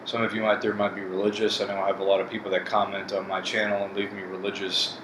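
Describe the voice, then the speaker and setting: A man in a bitter, profane rant, with a somewhat low voice. He speaks bluntly to his viewers. The room rings with echo, and air conditioning hums steadily behind him. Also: completely flat delivery, fast, very noisy. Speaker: vlogger. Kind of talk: casual monologue to camera.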